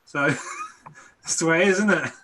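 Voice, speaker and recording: A man's voice: a little high, measured pace, bright, forceful tone, slight background noise. A man chatting casually as a guest, easygoing but hesitant, often repeating words as he searches for them. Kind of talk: casual online chat.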